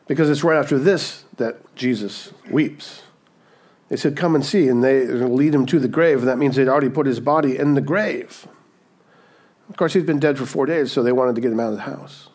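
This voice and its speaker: A man preaching a sermon, dynamic and conversational, rising to emphatic peaks and dropping to hushed moments, often checking in with his listeners. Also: mid-range voice, normal speed. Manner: conversational, checks in with "okay?" and "right?". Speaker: pastor.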